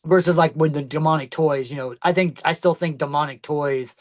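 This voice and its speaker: A man's voice: on the high side, fairly even intonation, brisk. A man co-hosting a podcast, talking in casual chat that rambles with many fillers and restarts. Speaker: podcast co-host.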